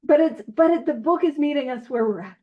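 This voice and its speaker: Woman, guest speaker, high voice, jokey and tangent-prone, dull lo-fi audio. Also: a little fast. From Canada. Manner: lively, jokey, goes off on tangents. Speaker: guest speaker at a recovery study meeting. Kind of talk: casual recovery talk.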